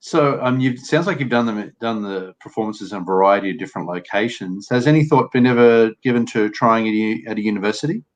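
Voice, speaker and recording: A man's voice: lowish voice, a little fast, hardly any pauses, rough recording. A man hosting a casual interview, asking friendly questions. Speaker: podcast host.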